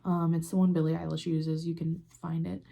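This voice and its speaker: A woman's voice: low voice, level tone, moderate pace, vocal fry, heavy background noise. A young woman hosting a podcast, ranting in a heated, profane and exasperated way while doing her makeup and recording on her phone. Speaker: podcast host. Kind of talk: casual ranting commentary.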